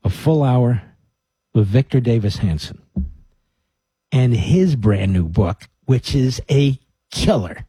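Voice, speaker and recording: A radio host, a man, talks straight to his listeners in an emphatic, animated monologue full of mocking asides. His voice is dark and a bit husky, and it sounds dry and close, as if he sits right at the studio mic. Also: mid-range voice, slow, long pauses, dry recording. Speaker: radio talk show host.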